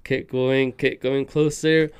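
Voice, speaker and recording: A man's voice: medium pitch, little pitch movement, slow pace, smooth. Male podcast guest, casual, profane storyteller. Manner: profane, peppered with "dude".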